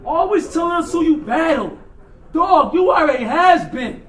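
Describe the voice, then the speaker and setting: Brief: high-pitched male battle rapper, shouted punchlines, echoey hall, crowd noise behind. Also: lively intonation, a little slow. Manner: loud, punchy, repeats lines and laughs at his own bars. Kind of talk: battle rap performance. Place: large indoor hall. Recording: echoey hall, distant mic, loud crowd.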